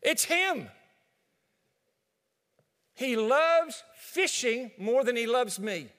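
A man's voice: very high-pitched, big pitch swings, very slow, pushed and bright, big-room sound, voice pushed up, heavily acted. A man voicing a complaining wife who is fed up with her husband, with an exasperated, blaming manner.

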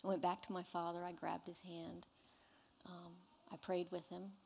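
A woman giving an earnest personal testimony in church, telling her story in an unhurried way. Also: fairly low pitch, level tone, gravelly, a little mellow, long reverb tail, a little hiss or hum.

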